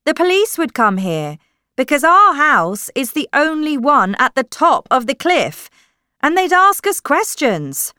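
A woman's voice: high voice, sing-song, a little slow, sharp tone, no room sound, clean studio sound, voice pushed up, heavily acted. A woman reading a storybook aloud, voicing an alarmed, practical teenage boy with a raised, earnest voice. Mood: worried.

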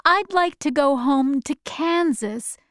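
A woman doing a high earnest young girl. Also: slow pace, a bit bright, dry recording, clean studio sound.

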